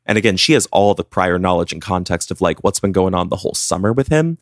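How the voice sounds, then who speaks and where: A man with a fairly low voice tells a true-crime story to his co-host in a loose, conversational way. He leans on "like" as he talks. The sound is dry and close, with no room echo. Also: lively intonation, fast talker. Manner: chatty, filler-heavy retelling with "like". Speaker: podcast co-host.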